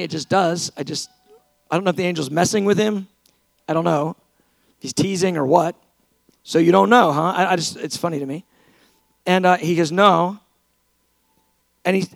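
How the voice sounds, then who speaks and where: Male preacher, high and gravelly voice, animated storyteller, dry close sound. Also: no room sound. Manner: animated storytelling, acting out both sides of conversations; passionate, rising to shouts at high points. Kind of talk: sermon.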